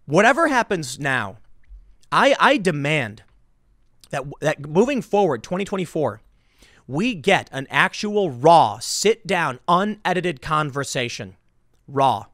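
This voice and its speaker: A man giving opinionated political commentary in an animated, emphatic way, often repeating words. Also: on the high side, slow pace, no echo, clean studio sound.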